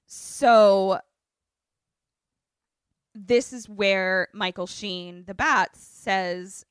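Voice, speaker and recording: A woman's voice: mid-range voice, very slow, pauses often, clear, resonant tone, dry recording, studio quality. A woman podcast co-host recapping a movie in casual chat, swearing freely and acting out the characters' lines. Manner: animated storytelling, swears freely, acts out quotes.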